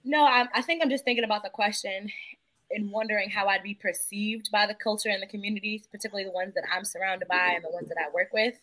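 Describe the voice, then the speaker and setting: Earnest woman panelist, fast and reflective. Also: mid-range voice, fairly even intonation, pushed and bright, poor audio. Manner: thoughtful, earnest. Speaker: panelist, nonprofit worker. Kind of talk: casual panel discussion.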